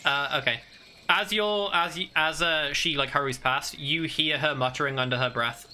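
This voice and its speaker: A man narrating as game master in a tabletop game, halting and full of fillers. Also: fairly high pitch, sharp tone, slight background noise.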